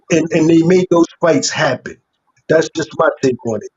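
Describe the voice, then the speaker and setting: A man's voice: a little high, moderate pace, a little mellow, slightly rough, muffled recording. A man, a regular guest on the show, talking about boxing in an easygoing, slangy way. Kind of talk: casual call-in chat.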